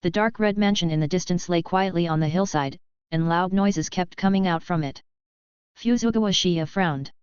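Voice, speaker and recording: A woman narrating an audiobook of a web novel in an even, steady reading. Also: on the low side, smooth, no echo, muffled recording.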